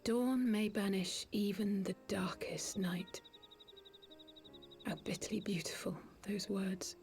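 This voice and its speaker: A soft-spoken melancholy young woman, half-whispered, game cutscene, faint music. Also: medium pitch, slow pace. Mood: wistful. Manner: hushed, half-whispered delivery.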